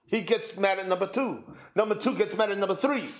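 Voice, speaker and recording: A male pastor preaching a sermon, telling a parable in a lively, humorous storytelling way and acting out the quotes. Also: sits high, brisk, reverberant, dull audio.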